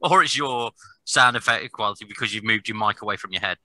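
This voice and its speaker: A man's voice: lowish voice, quick pace, dry recording, low-quality recording. A man co-hosting a wrestling podcast, laughing often and prompting the others for their picks. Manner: giggly, lively, asks the others for picks. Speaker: podcast co-host. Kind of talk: casual wrestling chat.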